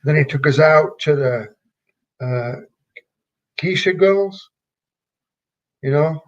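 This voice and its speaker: A man's voice: on the high side, dull audio. An older man from England with a Yorkshire accent, telling rambling stories in an interview, full of fillers and restarts. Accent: Yorkshire English. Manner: rambling, halting, many fillers. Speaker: retired wrestler, guest. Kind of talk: casual storytelling interview.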